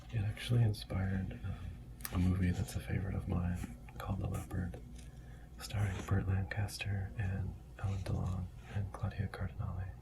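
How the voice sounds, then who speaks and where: A man giving a soft-spoken ASMR book reading, talking in a hushed voice that often drops to a whisper. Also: deep voice, gravelly, noisy background. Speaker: ASMR storyteller.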